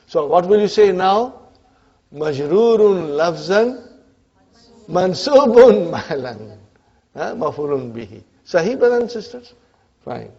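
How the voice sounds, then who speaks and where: A man's voice: sits high, very animated, unhurried, a little mellow. Man teaching grammar in a classroom. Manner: checks in with students, frequent "huh?". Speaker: Arabic teacher. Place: classroom with students. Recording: dull lo-fi lecture recording.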